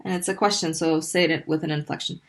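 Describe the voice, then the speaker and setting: Woman teacher for a recorded online lesson, lowish voice, patient, stretches sounds out when modeling them. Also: steady tone. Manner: patient, drawn-out modeling of sounds between brisk explanations. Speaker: Arabic language teacher.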